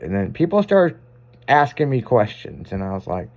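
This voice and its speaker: A male radio host spins long, meandering anecdotes on air. He talks casually, swears freely and laughs at his own stories, in a voice of middling pitch. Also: sing-song, normal speed. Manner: rambling, profane, self-amused anecdotes.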